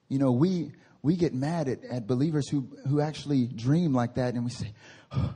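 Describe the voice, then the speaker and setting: A man preaching a sermon as pastor, lively, with playful voiced asides and big swings from loud to hushed. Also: mid-range voice, fairly quick, slightly rough. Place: church service.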